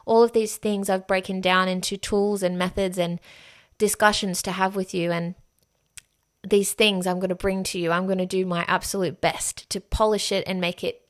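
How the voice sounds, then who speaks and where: A woman's voice: medium pitch, level tone, moderate pace. A woman hosting a solo podcast, talking frankly and emphatically and swearing freely. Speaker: podcast host. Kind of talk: candid solo podcast monologue.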